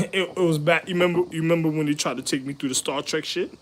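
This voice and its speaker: A man in a rambling, profane monologue, full of street slang, jumping between loud laughing outbursts and low mutters. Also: brisk, noisy background.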